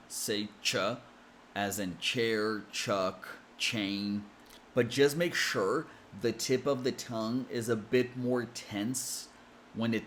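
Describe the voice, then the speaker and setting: Slow, deliberate American coach. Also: male voice, fairly low pitch, slight background noise. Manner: slow, careful, deliberate explanations. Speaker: English pronunciation coach. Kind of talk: explanatory lesson.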